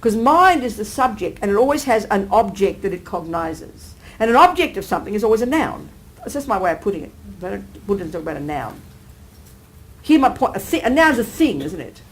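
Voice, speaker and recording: A woman Buddhist teacher giving a live talk, animated, often asking her listeners whether they agree and acting out everyday exclamations. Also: mid-range voice, fairly quick, a little hiss or hum, low-quality recording. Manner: acts out everyday exclamations with sudden lifts. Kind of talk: live dharma teaching to an audience.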